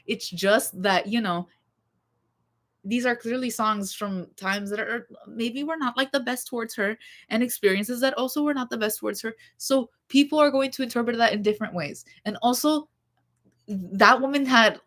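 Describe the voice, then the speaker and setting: A young woman hosting a casual livestream, chatting in a rambling, expressive way with lots of fillers. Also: a little high. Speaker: livestream host.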